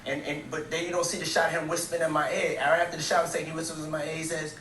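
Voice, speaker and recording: A man telling an animated anecdote in an interview, lively, laughing and slangy. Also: fairly high pitch, very fast. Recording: echoey, distant, with hiss.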